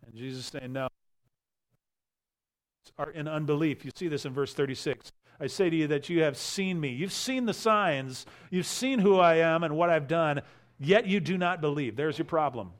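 A man's voice: on the high side, normal speed. Man preaching a verse-by-verse sermon. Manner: expository preaching, quoting scripture verse by verse; emphatic swells in level on key phrases. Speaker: pastor.

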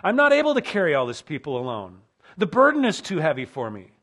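A man's voice: fairly high pitch, huge pitch swings, fast talker, a bit bright, exaggerated voice. A preacher acting out an overwhelmed ancient male leader who pleads in exasperated, self-doubting outbursts. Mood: despairing.

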